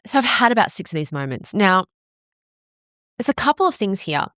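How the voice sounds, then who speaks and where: A woman's voice: medium pitch, big pitch swings, normal speed, bright, forceful tone, no room sound, studio quality. A woman in her forties, a fitness coach, talking frankly and swearing freely in a candid personal monologue. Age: 40s.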